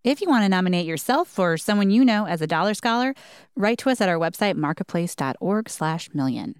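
A woman co-hosting a kids' podcast, reading announcements in a bright, friendly way. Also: on the low side, animated, brisk, smooth. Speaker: co-host. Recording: music bed underneath.

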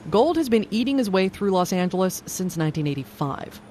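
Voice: medium pitch, big pitch swings, brisk, darkish tone. A radio host with a mid-range voice reads polished narration and then slips into friendly, curious questions for a guest. The talk is taped in a car and later at a restaurant table, with faint road noise underneath. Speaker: radio show host and reporter. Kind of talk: scripted narration mixed with casual interviewing. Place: inside a car at a drive-thru, then a restaurant.

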